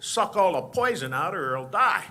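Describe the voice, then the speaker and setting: An old cowboy drawls in a slightly lowered voice, stuttering and repeating himself as he spins a yarn, as a man puts him on. It is a stand-up impression. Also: big pitch swings, moderate pace, sharp tone, exaggerated voice. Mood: drawling. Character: drawling, stammering old male film cowboy.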